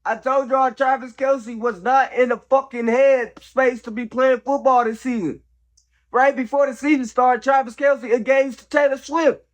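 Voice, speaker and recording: His pitch is extremely high and his intonation fairly even as this man talks at a normal speed on his casual football commentary show. Slightly sick, the channel host stays blunt and opinionated, slangy and profane, with plenty of "bro" and "man."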